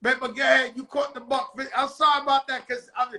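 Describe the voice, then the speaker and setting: A man's voice: extremely high pitch, flat delivery, fast talker, gravelly, sharp tone, rough recording. A man hosting a talk show in casual chat, telling stories in streetwise slang and swearing freely.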